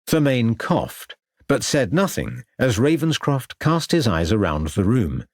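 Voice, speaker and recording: Husky-voiced male audiobook narrator. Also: medium pitch, very animated, no room sound, studio quality. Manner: measured, descriptive storytelling. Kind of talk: scripted narration.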